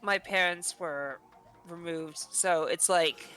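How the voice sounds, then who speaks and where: Bright-voiced Boston woman joking crudely. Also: on the low side, slow pace, soft background music. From Boston area. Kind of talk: casual stream chat.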